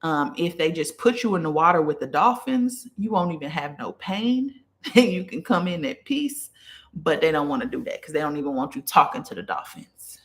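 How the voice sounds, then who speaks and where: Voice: mid-range voice, big pitch swings, normal speed, fairly bright tone. A spiritual teacher hosting a live stream, teaching casually from notes, often asking "okay?" and greeting viewers along the way. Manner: greets viewers mid-lesson. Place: small room with incense and a candle burning.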